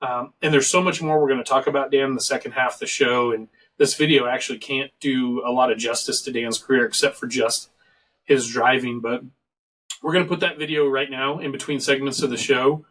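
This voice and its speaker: A man's voice: mid-range voice, fairly even intonation, a little fast, fairly bright tone, recorded from a distance, rough recording. A middle-aged man hosting a casual online talk show, rambling and joking as he tells stories. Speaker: show host. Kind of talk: casual podcast chat. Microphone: video call.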